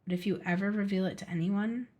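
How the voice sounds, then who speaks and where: A woman reading as a hushed, solemn Ice King. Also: medium pitch, steady tone, quick pace, natural voice. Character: stern regal male Ice King of a fairy tale. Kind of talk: reading a storybook aloud.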